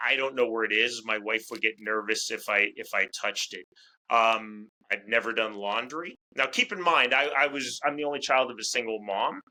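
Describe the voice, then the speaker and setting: Bright-voiced chatty man. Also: on the low side, moderate pace, low-quality recording. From United States. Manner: talkative, repeats words as he restarts. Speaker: fight commentator, interview guest. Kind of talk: casual interview chat.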